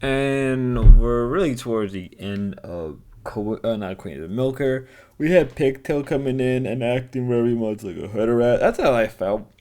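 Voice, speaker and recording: A man's voice: mid-range voice, measured pace, darkish tone. A man giving casual, rambling commentary on clips, often correcting himself. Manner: rambling, candid, self-correcting. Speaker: streamer reacting to clips.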